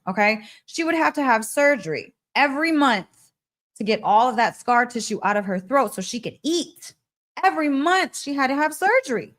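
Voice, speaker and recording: Excitable woman podcast host, laughing often. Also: a little high. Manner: excitable, emphatic, laughs often, repeats phrases. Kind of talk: animated storytelling monologue.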